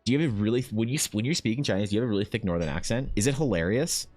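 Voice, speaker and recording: With faint music behind him, a young Canadian streamer and artist races through his words, his fairly low, slightly mellow voice full of lively intonation. He's chatting casually, swearing and joking as he reads out chat questions and responds.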